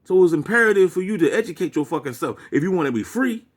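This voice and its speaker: A man with a high, sing-song voice talks fast as a vlogger, delivering a preachy rant full of profanity. He lectures his viewers and swears throughout.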